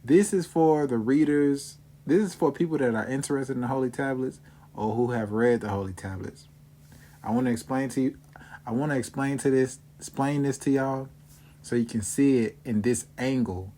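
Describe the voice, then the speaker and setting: A man hosting his own video, talking casually and steadily to viewers, repeating himself to make his points clear. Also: medium pitch, normal speed, dark tone. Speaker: video host. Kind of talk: casual explainer talk to viewers.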